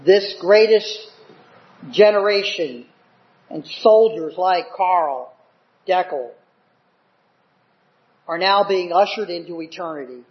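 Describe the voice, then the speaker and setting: A man's voice: high-pitched, slow, pauses often. An older man preaching a sermon with fervent, emphatic delivery that builds to dramatic swells. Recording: dull lo-fi recording.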